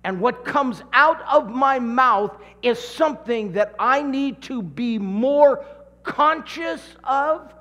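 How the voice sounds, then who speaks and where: A middle-aged man from California preaching a sermon, telling a childhood story with lively acted-out voices. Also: very high-pitched, slow pace. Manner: animated storyteller, acting out voices. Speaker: pastor. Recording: long hall reverb.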